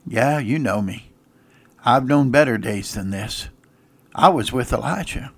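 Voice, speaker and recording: A man's voice: medium pitch, expressive, a little slow, breathy edge, no echo. A remorseful aging servant, struck with leprosy, pours out his regrets, as a preacher puts him on. He confesses in a lamenting, pleading way. The sound is dry and close. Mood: regretful. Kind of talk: dramatized biblical character voice in a sermon.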